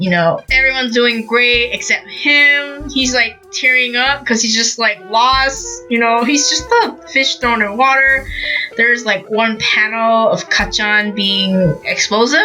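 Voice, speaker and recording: A woman's voice: on the high side, pushed and bright, poor audio. A young woman hosting a podcast, recapping a manga in casual, rambling chat full of fillers and acted-out quotes. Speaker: podcast host.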